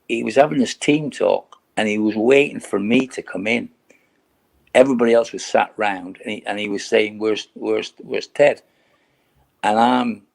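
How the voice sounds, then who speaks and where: A man's voice: fairly low pitch, creaky. An older man, a retired footballer, chatting as a podcast guest and telling rambling, laughing anecdotes with many restarts. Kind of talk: casual podcast chat.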